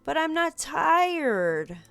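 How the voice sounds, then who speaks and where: A woman plays a meek, whiny younger brother from a story game, high and complaining in tone. He drags out his slow grumbles, with soft music behind him. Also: very animated, creaky, full character voice. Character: timid whiny young man, a little brother.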